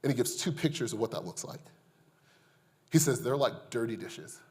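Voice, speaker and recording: A male pastor preaching a sermon in a casual, conversational way, swinging between loud, emphatic passages and quiet, hushed asides. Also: medium pitch, lively intonation, normal speed.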